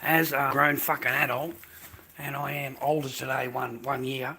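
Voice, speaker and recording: A man's voice: mid-range voice, steady tone, normal speed, sharp tone, a little hiss or hum. An Australian man chatting casually on a livestream from his kitchen at home, rambling and swearing freely while calling viewers mate and bro.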